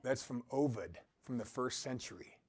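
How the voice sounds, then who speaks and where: A man's voice: mid-range voice, expressive, normal speed, a little mellow, husky. A man giving an upbeat motivational talk who exhorts his listeners and often laughs. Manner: quotes scripture. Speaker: motivational speaker.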